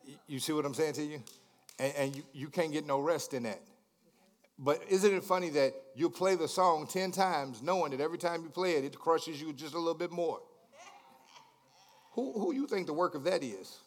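A man preaching a sermon, repeating words in stammering restarts, asking the congregation questions and swinging from hushed lines to shouted climaxes. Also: a little high, moderate pace. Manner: repetitive stammering restarts, call-and-response questions. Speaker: pastor.

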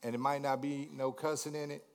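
A man preaching a sermon, repeating words in stammering restarts, asking the congregation questions and swinging from hushed lines to shouted climaxes. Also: mid-range voice, level tone, a little fast, smooth. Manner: repetitive stammering restarts, call-and-response questions. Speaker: pastor.

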